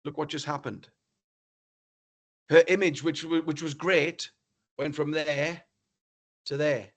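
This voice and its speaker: A man from northeast England giving a motivational keynote talk, telling a story in an animated, theatrical way. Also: fairly high pitch, takes it slowly. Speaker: keynote speaker.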